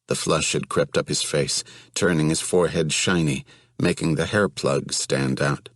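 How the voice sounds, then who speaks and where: Guy narrating an audiobook, deep husky voice, dry close mic. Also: normal speed, no room sound.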